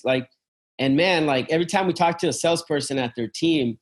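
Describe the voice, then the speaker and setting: A man's voice: fairly high pitch, brisk. This is a man chatting about his business in an easy, offhand way. He restarts his sentences often and fills the gaps with "um", "you know" and "man". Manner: rambling, many fillers and restarts; uses "man" and "dude" often. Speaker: travel business owner. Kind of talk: casual business conversation.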